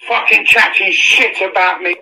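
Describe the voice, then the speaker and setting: A man shouting aggressively and swearing in an online debate. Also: high-pitched, steady tone, normal speed, vocal fry, poor audio.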